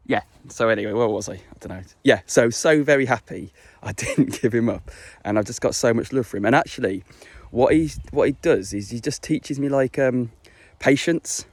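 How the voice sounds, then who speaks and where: A man's voice: medium pitch, normal speed, dry recording. A young man chatting casually to camera, rambling and swearing, full of fillers and restarts. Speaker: vlogger.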